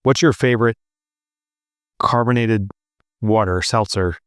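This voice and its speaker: A middle-aged man from New Jersey co-hosting a podcast, chatting casually and telling animated stories. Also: on the low side, measured pace, smooth, no echo, studio quality. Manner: animated storyteller, mimics other people's voices. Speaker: podcast co-host. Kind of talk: casual chat.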